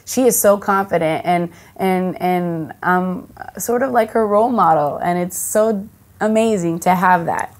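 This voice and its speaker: An actress from the United States of Dominican heritage, chatting casually in an interview, full of fillers and restarts and lively quoted voices. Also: female voice, fairly low pitch, unhurried. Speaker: actress and singer, guest.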